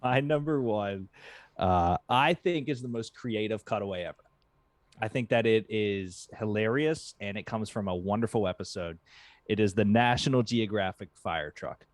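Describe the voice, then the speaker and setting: A man's voice: on the low side, normal speed, no echo. A man co-hosting a podcast in casual chat, easygoing as he retells scenes. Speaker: podcast co-host.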